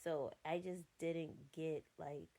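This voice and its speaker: Young woman, film reviewer, slow unhurried delivery, lowish voice, blunt and cussing, exasperated. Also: steady tone, dark tone. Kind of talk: casual spoken review reading from notes.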